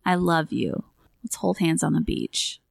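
A woman co-hosting a casual movie podcast, lively and blunt, acting out lines from the film. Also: low voice, unhurried, vocal fry, dry recording, clean studio sound. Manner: animated, acts out quotes, swears and laughs. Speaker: podcast co-host. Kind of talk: casual movie review chat.

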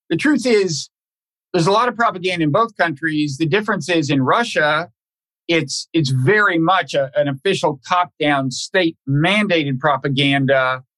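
A man hosting a podcast conversation, talking in a halting, thoughtful way with many restarts and repeated words. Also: on the high side, fairly bright tone. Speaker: podcast host. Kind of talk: casual conversational interview.

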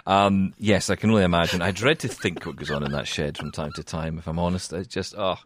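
A man's voice: low voice, steady tone, fairly quick, slight background noise. A man hosting a casual tech podcast, chatty and self-mocking with lots of fillers. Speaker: podcast host.

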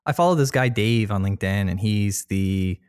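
A man hosting a casual podcast interview, chatty and quick to laugh. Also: fairly low pitch, darkish tone, smooth, dry recording, studio quality. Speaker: podcast host.

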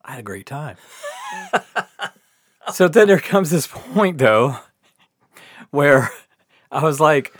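A man tells a story in a lively voice that rises and falls a lot, slightly high for a man. He laughs often, swears freely, and acts out the lines of the people in the story. The sound is dry and close. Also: slow pace, long pauses, dry recording. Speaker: podcast guest storyteller. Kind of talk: casual storytelling.

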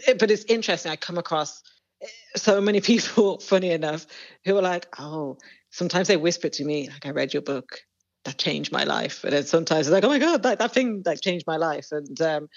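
Woman with muffled lo-fi sound. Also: low-pitched. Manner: rambling, lots of fillers and restarts. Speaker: author and podcaster, guest. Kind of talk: casual interview talk.

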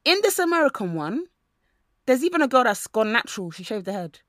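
A woman co-hosting a podcast in casual chat, talking in an animated way and mimicking the people she quotes. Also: fairly high pitch, a little fast, no echo, studio quality.

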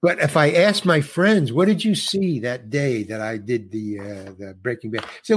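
A middle-aged male actor guest tells a conversational anecdote from a film set, acting out what the other people said. He talks at normal speed with few pauses, in a mid-range voice with a breathy edge.

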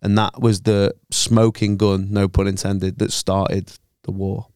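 A man's voice: on the low side, level tone, a little slow, darkish tone, clear, resonant tone, no room sound, studio quality. A man co-hosting a podcast, swearing freely and spinning a rambling story. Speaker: podcast co-host. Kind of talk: casual banter.

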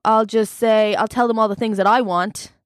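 A woman's voice: medium pitch, fairly even intonation, normal speed, no echo, lightly acted. Woman playing a rambling, cocky American male life coach; dry studio sound. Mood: boastful. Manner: rambling, cocky, full of fillers. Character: brash, boastful American male self-help mentor. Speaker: studio guest. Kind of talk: improvised comedy role-play.

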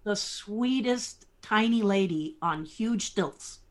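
A middle-aged woman, a podcast guest, telling lively anecdotes and laughing often as she talks. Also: medium pitch, slow pace, slight background noise. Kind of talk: storytelling chat.

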